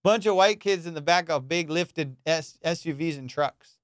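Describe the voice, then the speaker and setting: Profane, animated comedian host. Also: male voice, fairly high pitch, normal speed, no room sound, studio quality. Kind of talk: casual podcast chat.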